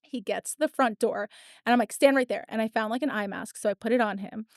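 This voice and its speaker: A woman's voice: a little high, quick pace, dry recording, studio quality. A woman in her thirties, a podcast host telling a story in casual chat and acting out the people in it. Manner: animated storyteller, acts out quotes.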